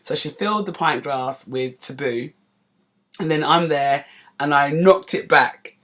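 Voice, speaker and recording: A woman in her forties from North London with a London accent, hosting a podcast and telling a story in a lively, chatty way with asides to her listeners. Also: low voice, a little slow. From North London, England. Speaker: podcast host. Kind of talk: casual storytelling monologue.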